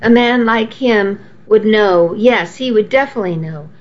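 A woman reading a first-person novel aloud in a steady, intimate way. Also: mid-range voice, normal speed. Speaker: audiobook narrator. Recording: slightly muffled lo-fi audio.

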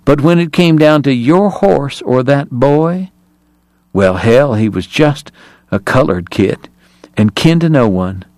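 A man doing a quietly menacing gunman. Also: mid-range voice, no echo. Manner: soft, flat, slow, contemptuous. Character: cold, menacing Southern gunman, quiet and courteous.

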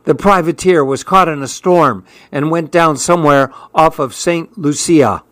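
A man reading as a bossy older sister in a storybook, hollering in a high, urgent voice. The sound is dry and close to the mic. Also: measured pace, fairly bright tone, no echo. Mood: frantic.

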